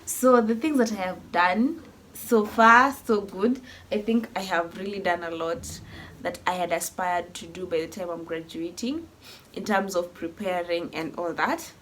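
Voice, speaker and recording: A woman's voice: fairly low pitch, a little slow, fairly bright tone, slight background noise. A woman, talking in a heartfelt, rambling way in a personal vlog, with faint ambience behind her. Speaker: vlogger.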